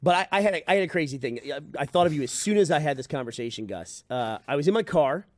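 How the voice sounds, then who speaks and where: Fast-talking podcast host telling a story. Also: male voice, a little high, no echo, studio quality. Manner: animated, swears, acts out conversations.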